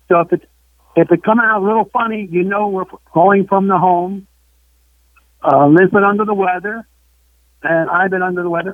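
A man's voice: high voice, dry recording. Older man hosting radio over a tinny phone line. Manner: folksy, repetitive, earnest. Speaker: radio show host. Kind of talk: live call-in radio chat.

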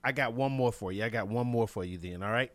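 A man casually telling a funny childhood anecdote in an animated way. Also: medium pitch, fast, dry recording. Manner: lively, animated storyteller.

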